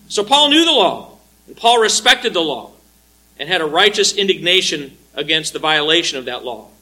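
A man delivers an expository sermon in a high, brilliantly bright voice. He speaks earnestly and deliberately, rising on his emphatic points and dropping low as he drives each thought home. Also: poor audio. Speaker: preacher. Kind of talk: expository sermon with scripture reading.

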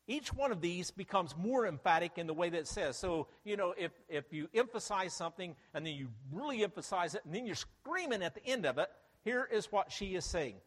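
A man delivers a sermon with a high, animated voice that climbs and drops as he stresses his points. He keeps throwing rhetorical questions at the listeners. His voice carries a long reverb from a large hall. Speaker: preacher.

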